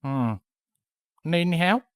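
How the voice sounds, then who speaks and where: A woman's voice: on the low side, animated, a little slow, no room sound, studio quality, voice pushed up. A woman voicing a smug, cheerful female farm pony in a storybook reading, teasing and smirking.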